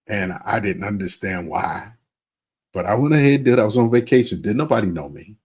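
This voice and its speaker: A man's voice: fairly low pitch, expressive, darkish tone, breathy edge. A man in his fifties co-hosting a podcast, telling stories in a casual, candid way with plenty of fillers. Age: 50s. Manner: unhurried, candid storytelling with many fillers. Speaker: podcast co-host. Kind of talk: casual chat.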